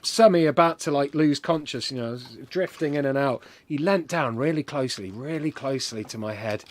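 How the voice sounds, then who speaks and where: A man and podcast co-host telling an absurd, exaggerated comic story in an animated, deadpan way. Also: mid-range voice, normal speed. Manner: animated, deadpan tall-tale telling with sudden jumps in volume.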